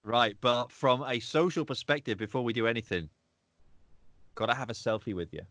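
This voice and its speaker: A man's voice: medium pitch, lively intonation, moderate pace, a bit bright, dry recording. A man, a podcast guest, chatting casually and emotionally, often repeating his words. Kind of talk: casual interview chat.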